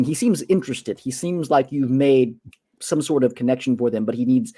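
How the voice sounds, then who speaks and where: A man narrating as game master in an online tabletop game, halting with many fillers and restarts. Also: medium pitch, warm tone, breathy edge. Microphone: online voice call.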